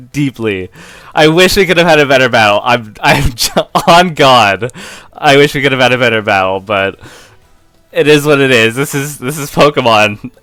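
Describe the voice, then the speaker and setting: Man, live gameplay commentary, unhurried, clear smooth voice, faint music behind. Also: mid-range voice, no room sound. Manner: excitable, breaks into helpless laughter. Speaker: competitive game player and video creator.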